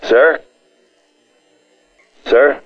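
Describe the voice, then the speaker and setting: A man making a prank phone call, with a deadpan, blunt and pushy manner. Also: very slow, faint music behind. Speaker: prank caller.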